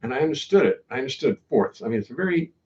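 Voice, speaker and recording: An older man with a mid-range, expressive voice talks fast as he hosts a livestream from home, chatting casually and rambling. He wryly reads viewer comments aloud, and the sound, captured through a computer audio input, is dull and lo-fi.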